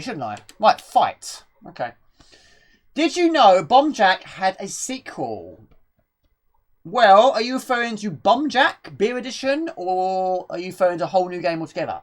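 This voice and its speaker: Woman, live game streamer, breathless and rambling, very lively pitch. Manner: chatty, rambling, reads chat questions aloud. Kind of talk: casual gameplay commentary.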